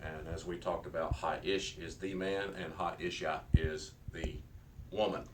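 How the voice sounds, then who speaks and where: Male Hebrew teacher, very low voice, unhurried lecture delivery, a bit off-mic. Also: steady tone, distant mic, background noise. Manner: slow, deliberate, with many fillers and restarts. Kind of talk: classroom lecture.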